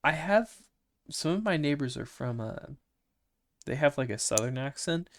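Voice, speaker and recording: A man's voice: on the high side, expressive, normal speed, slight background noise. A young man with a Midwestern American accent, co-hosting a casual podcast with dry jokey asides. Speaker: podcast co-host. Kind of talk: casual chat.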